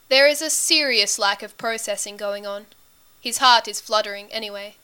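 A woman narrating a story as an audiobook reader, in a steady, intimate storytelling manner. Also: mid-range voice, moderate pace, smooth.

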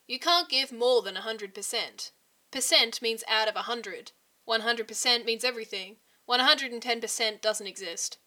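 Woman doing annoyed young dude, flat curt answers, fed up. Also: on the high side, normal speed. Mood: grumpy. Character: grumpy, exasperated young man.

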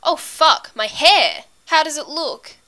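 A woman voicing an eager, flustered young man who speaks in halting, breathless bursts, in an audiobook reading of a story. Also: on the high side, steady tone, bright, forceful tone, clear, resonant tone, poor audio. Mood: anxious.

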